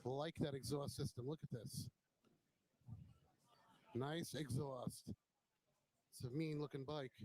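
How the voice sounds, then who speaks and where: Holding a handheld camera at a bike show, a motovlog host gives casual, admiring remarks on each bike, with the odd blunt swear word. He speaks slowly in a mid-range, a little mellow voice with fairly even intonation and frequent pauses, and the recording is low quality.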